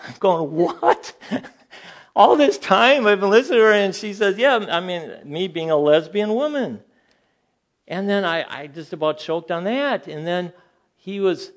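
An older man delivers an informal sermon to a Bible class, telling stories with animation. His pitch rises when he sounds incredulous and drops low and quiet for asides.

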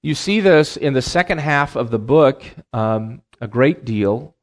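Middle-aged male Bible teacher, mid-pitched, lecturing a class with ums and uhs and repeated key points. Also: expressive, measured pace. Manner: explains terms plainly, repeats key phrases, many ums and uhs.

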